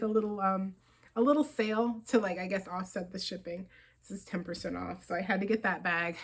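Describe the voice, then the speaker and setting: Casting note: woman knitting podcaster, chatty and excitable, quick laughs and rambling asides. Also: a little high, poor audio. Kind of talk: casual chat showing yarn purchases.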